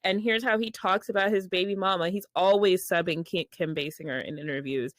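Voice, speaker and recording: A woman's voice: fairly low pitch, brisk, fairly bright tone, no echo, clean studio sound. A young woman co-hosting a podcast, chatting casually in a blunt, sarcastic way and laughing often. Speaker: podcast co-host. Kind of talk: casual gossip chat.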